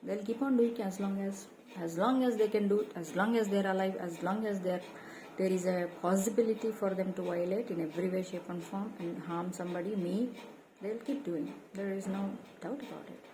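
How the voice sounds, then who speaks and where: A woman's voice: mid-range voice, a little fast, noisy background. A woman in an emphatic solo monologue, indignant, firing off repeated rhetorical questions. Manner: indignant, quotes others in raised mocking tones. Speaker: vlogger.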